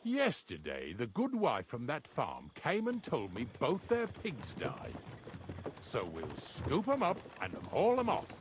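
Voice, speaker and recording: A coarse, joking knacker. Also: male voice, a little high, huge pitch swings, measured pace. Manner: folksy and blunt. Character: coarse, joking male knacker who hauls dead animals. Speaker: game character. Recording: game audio with loud ambient noise.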